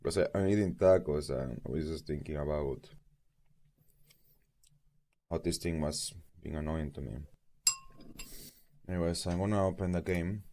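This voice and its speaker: Rambling man, lively low voice. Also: moderate pace, pauses often, a little hiss or hum. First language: Spanish. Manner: rambling, goes off on tangents, self-correcting. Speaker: streamer. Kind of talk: casual rambling chat. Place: at home, eating while streaming.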